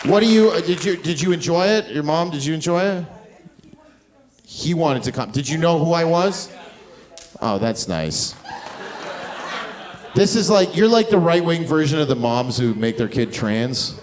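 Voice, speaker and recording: With audience laughter and a noisy background around him, a Canadian stand-up comedian riffs on the club crowd in brash, profane fashion, breaking into mocking put-on voices. His voice runs on the high side, expressive and unhurried, with long pauses.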